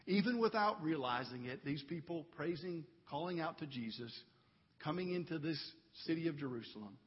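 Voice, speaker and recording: A man with a high, husky voice preaches in a church sanctuary, earnest and unhurried. His delivery swells into fervent emphasis at key points. The recording is dull and carries a long hall reverb. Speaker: pastor. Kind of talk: sermon.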